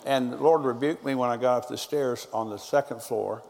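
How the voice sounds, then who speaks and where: Man, pastor's sermon, gravelly voice, long church-hall reverb. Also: mid-range voice, normal speed, a little mellow. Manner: storytelling preacher, quoting others in conversation.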